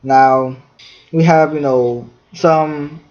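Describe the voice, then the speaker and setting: A man's voice: fairly high pitch, steady tone, drawn-out words, darkish tone. A man hosting a podcast, reading definitions from a fact sheet with many fillers. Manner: reads definitions aloud, filler-heavy. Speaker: podcast host. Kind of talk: reading facts in a podcast discussion. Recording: dull lo-fi sound.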